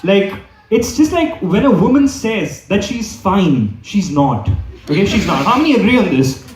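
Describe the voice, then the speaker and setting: Young man, stand-up comedian, rambling, high voice, echoey hall, distant mic. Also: big pitch swings, normal speed, a little hiss or hum. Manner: rambling, repeats "okay?" often. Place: comedy club hall with live audience. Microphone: handheld microphone.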